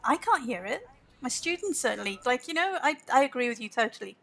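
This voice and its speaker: A woman's voice: high-pitched, very animated, brisk, creaky, fairly bright tone. A woman co-hosting a casual teaching podcast, wry and emphatic. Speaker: podcast co-host, English teacher. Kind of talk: casual discussion.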